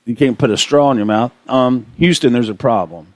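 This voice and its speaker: A man's voice: mid-range voice, fairly quick, dry recording. A man hosting a radio show, delivering an aggravated, impassioned monologue full of repetition. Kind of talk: ranting monologue.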